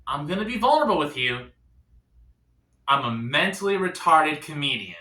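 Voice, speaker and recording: Male stand-up, self-deprecating, fairly light low-ish pitch, bright tone, lively delivery. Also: normal speed, echoey room. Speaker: stand-up comedian. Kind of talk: stand-up comedy set.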